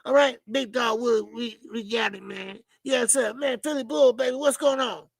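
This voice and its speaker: A man's voice: very high-pitched, normal speed, gravelly, no echo, studio quality. A man hosting a casual boxing livestream, talking animatedly with swearing and greeting chat viewers by name. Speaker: boxing show host.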